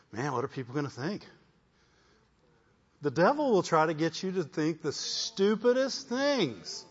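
Pastor, male, fairly high voice, lo-fi church recording, repeats himself and asks "Amen?". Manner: repeats words, calls out "Amen?". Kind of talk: sermon testimony.

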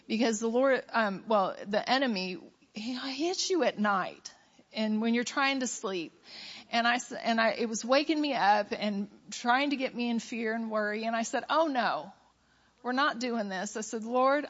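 Slow-talking woman, muffled recording. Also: a little high. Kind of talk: church testimony.

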